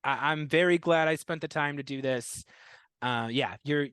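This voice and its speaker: A man's voice: a little high, normal speed, smooth, no echo. A man, a comedian guest, telling family stories in casual interview chat, acting out relatives' voices and laughing often. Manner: animated storyteller, acts out quoted relatives, laughs often.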